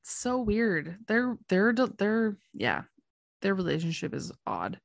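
A woman's voice: mid-range voice, big pitch swings, takes it slowly, vocal fry, no echo, clean studio sound. A woman co-hosting a podcast, casually recapping a TV episode point by point in a chatty, emphatic way. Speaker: podcast co-host.

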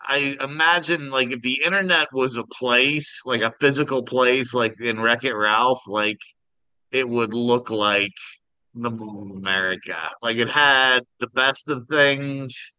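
A man's voice: on the low side, sharp tone, clean tone, no room sound, poor audio. A man in his forties from Kansas, co-hosting a casual chat podcast over a video call, wry and rambling. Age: 40s. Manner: wry, rambling, does silly voices in his stories. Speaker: podcast co-host.

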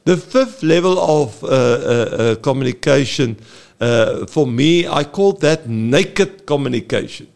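A man, a therapist, explaining earnestly in an interview, halting often with fillers. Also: medium pitch, expressive, gravelly, darkish tone. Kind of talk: explaining in a talk-show interview.

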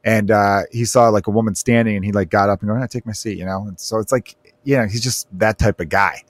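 A man's voice: fairly low pitch, fairly even intonation, quick pace, no echo. Male podcast host, casual and joking, dry studio sound. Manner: rambling, joking, fond of asides.

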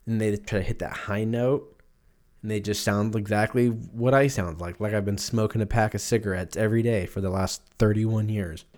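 Male podcast host, 30s, lowish voice, rambling and swearing through offhand jokes. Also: moderate pace, a little mellow. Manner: loose, profane, jokey storytelling. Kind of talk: casual solo podcast rambling.

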